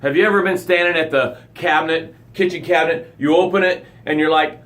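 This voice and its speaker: A man hosting a motivational live broadcast, speaking directly to his listeners in short punchy phrases and swinging from loud emphasis to hushed low lines. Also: steady tone, fairly quick. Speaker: motivational coach and show host.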